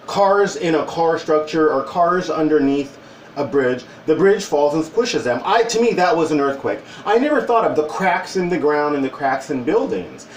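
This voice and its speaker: Man, mid-forties, casual vlog storyteller, lively swooping pitch, recorded distant in an echoey room. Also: slight background noise. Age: 40s. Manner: animated, wry storytelling with quoted voices. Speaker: vlogger. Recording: roomy, distant from the mic.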